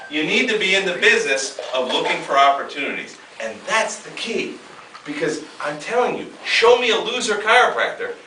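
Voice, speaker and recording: A man giving an emphatic motivational seminar talk, swinging from loud bursts to hushed asides, heard from a distance in a large hall. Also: high voice, noisy background. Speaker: seminar speaker.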